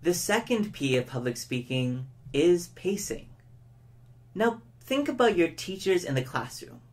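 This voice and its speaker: A man giving a public speaking lesson, who shows each point by speeding up, slowing down and shifting his tone of voice. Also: high voice, big pitch swings. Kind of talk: educational lesson to camera.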